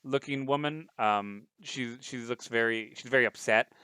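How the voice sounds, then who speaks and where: A man's voice: medium pitch, moderate pace, smooth, dry recording. A man running a tabletop game as dungeon master, narrating casually with lots of fillers and restarts. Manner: rambling, many fillers, lively.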